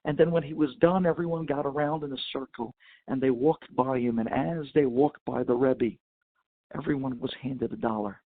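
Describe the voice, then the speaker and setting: Gravelly rabbi preaching over a phone line. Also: male voice, mid-range voice, normal speed, dry recording. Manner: impassioned storytelling, Hebrew and Yiddish terms. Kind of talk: sermon storytelling. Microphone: phone conference line.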